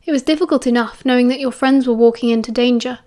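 Woman, British accent, audiobook narration, calm, higher voice. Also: fast.

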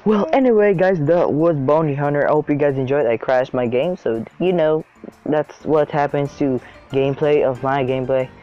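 A young man casually commenting on his own gameplay as a channel host, excitable and swearing freely. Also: on the high side, moderate pace, lo-fi sound. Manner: excitable, swears a lot, shrieks when chased. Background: faint background music.

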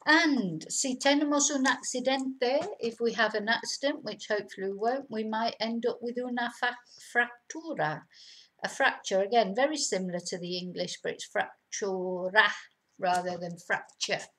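A woman's voice: fairly high pitch, moderate pace, fairly bright tone. A woman teaching vocabulary to camera, patiently explaining each word in two languages.

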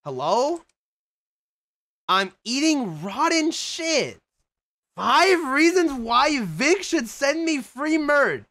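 Speaking at an extremely high pitch and very slowly, this young Mexican-heritage streamer swears freely while casually chatting with viewers. Sudden shouts and bursts of laughter show his excitable side.

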